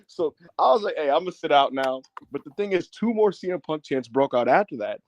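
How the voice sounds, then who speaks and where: A man co-hosting a wrestling podcast, telling stories in casual chat and loudly mimicking other fans. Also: fairly high pitch, a little fast, no echo, dull audio. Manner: animated storyteller, loud impressions of fans. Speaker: podcast co-host. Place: in Newark.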